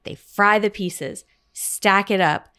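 A woman's voice: medium pitch, takes it slowly, pushed and bright, clear, resonant tone. A woman co-hosting a podcast, chatting enthusiastically about restaurant meals. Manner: chatty, enthusiastic food storytelling. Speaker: podcast co-host. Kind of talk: casual chat.

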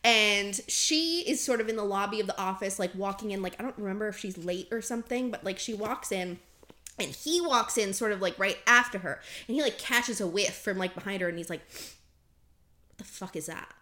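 A woman's voice: medium pitch, brisk, bright, forceful tone. Young woman rambling in casual chat. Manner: rambling, many "like"s and restarts, laughs often. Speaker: podcast co-host.

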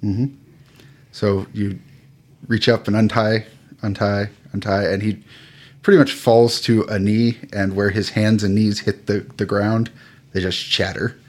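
A man narrating as game master of a tabletop game, relaxed and hesitant with many fillers. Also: fairly low pitch, a little slow.

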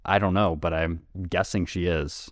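A man's voice: low-pitched, fairly even intonation, normal speed, no room sound. A man co-hosting a podcast in casual chat, rambling with lots of "like" and sometimes tongue-tied. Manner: rambling, heavy use of "like", tongue-tied at times. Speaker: podcast co-host.

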